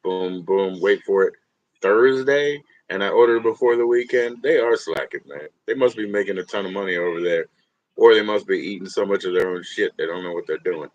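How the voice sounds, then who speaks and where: A man's voice: low-pitched, brisk, muffled recording. A man hosting a livestream in casual chat, rambling and profane, laughing often and talking straight to his viewers. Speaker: livestream host.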